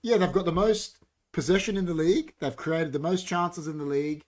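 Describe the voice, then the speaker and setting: A young Australian man co-hosting a casual football chat on a livestream, animated and quick to jump in, reading out viewer comments. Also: a little high. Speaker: podcast co-host.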